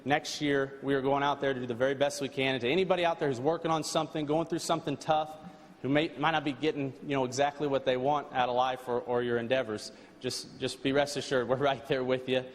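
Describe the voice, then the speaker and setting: A man, a race car driver, giving an earnest, halting thank-you speech at an awards banquet. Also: mid-range voice, flat delivery. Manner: earnest, halting, with frequent restarts and fillers. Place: large banquet hall. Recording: long hall reverb, faint background noise.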